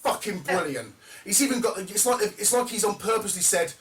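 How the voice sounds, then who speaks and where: Male podcast host, laid-back and lively, slightly high voice, distant mic. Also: a little fast, a little hiss or hum. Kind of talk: casual podcast chat.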